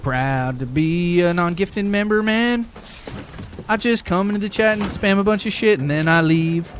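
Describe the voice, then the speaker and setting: A cheeky freeloading viewer, put on by a man, talking in a high, whiny, mocking voice. He sounds smug and lazy, drawing his words out. A faint noise bed lies underneath. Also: normal speed, close to an everyday voice. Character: lazy, cheeky male chat viewer who never donates.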